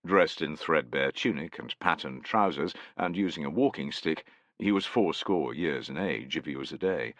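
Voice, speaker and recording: A man narrates a brutal historical war story with expressive drama. His voice is low yet bright and sharp, swinging widely in pitch, and the recording is close and completely dry. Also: moderate pace, no room sound. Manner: expressive, voices each character. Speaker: audiobook narrator.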